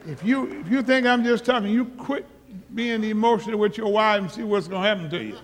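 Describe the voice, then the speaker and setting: A man's voice: high-pitched, brisk, slight background noise. Male pastor, repetitive and emphatic sermon delivery, live church auditorium with long reverb. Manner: emphatic, repeats himself, rises to loud exhortation.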